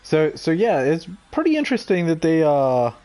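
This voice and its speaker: A man's voice: on the high side, sing-song, warm tone. Casual man commentating gameplay. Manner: halting, filler-heavy. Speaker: let's play host.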